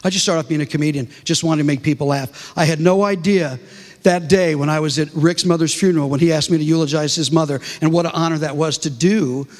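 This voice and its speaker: A middle-aged comedian speaking to a congregation, telling humorous stories with many restarts. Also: male voice, on the high side, fast. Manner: animated storytelling with many restarts. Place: large church hall. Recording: reverberant hall.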